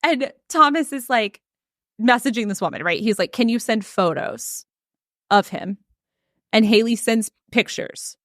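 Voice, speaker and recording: A woman's voice: fairly high pitch, a little slow, no room sound, studio quality. A woman podcast host telling a story in casual chat, acting out what each person said. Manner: animated retelling with quoted voices and frequent "like".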